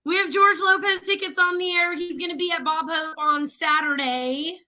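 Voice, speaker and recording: Female radio co-host, high and very bright voice, quick banter. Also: fairly even intonation. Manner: quick reactions, laughs often. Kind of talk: casual on-air banter.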